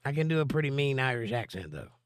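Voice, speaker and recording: Hoarse from laryngitis, a man hosts a live stream, reading viewer comments aloud and replying with long Bible explanations in casual chat and teaching. His mid-range voice is sing-song and fast, clean-toned, with studio quality and no room sound.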